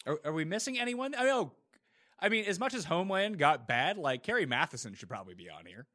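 Animated, bright-voiced man giving blunt opinions. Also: on the high side, fast talker. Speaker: podcast co-host. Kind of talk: casual chat.

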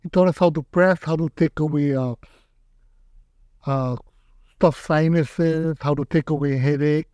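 Older man, mellow, lively storyteller voicing quotes, slightly high pitch. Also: unhurried, pauses often, clear, resonant tone, dry recording, muffled recording. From Hawaii. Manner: animated, acts out quotes in raised voice. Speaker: aikido teacher, guest. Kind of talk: casual storytelling interview.

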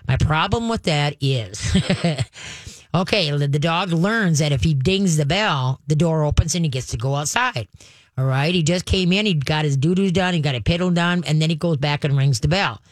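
Folksy older man, fairly high voice. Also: normal speed, no room sound. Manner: folksy, repeats "folks" and chants commands. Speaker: radio host, dog trainer. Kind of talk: call-in radio advice.

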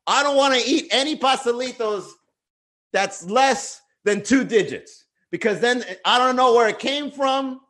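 A man's voice: very high voice, measured pace, a bit bright, voice pushed up. A man voicing a snobby, suspicious upscale type who distrusts anything cheap, in a fussy, distrustful manner.

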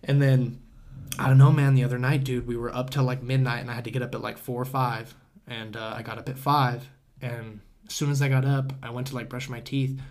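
A man's voice: medium pitch, level tone, brisk, darkish tone. A young man, a podcast guest, telling a long story in a loose, rambling way full of "dude," "bro," and casual swearing.

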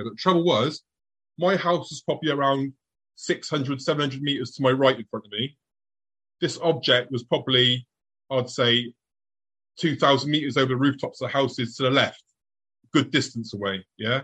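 A middle-aged man telling a tense personal story to an audience, acting out his past thoughts in a hushed voice. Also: medium pitch, brisk, breathy edge, rough recording.

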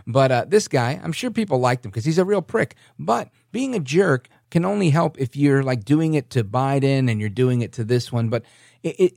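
A man's voice: mid-range voice, creaky, dry recording, clean studio sound. Sarcastic man ranting animatedly. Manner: sarcastic, animated, mimics people in voices. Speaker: political commentary host. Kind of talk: opinionated monologue.

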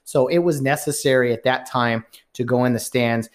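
A baseball umpire who co-hosts a podcast asks his partner questions in a lively, casual chat, laughing often. He speaks at a moderate pace with a medium-pitched voice.

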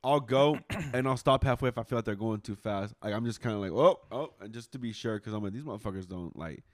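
A young man co-hosting a podcast, talking loudly and swearing a lot in casual chat. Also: lowish voice, fast talker, no room sound, studio quality. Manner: loud, swears a lot, says bro. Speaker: podcast co-host.

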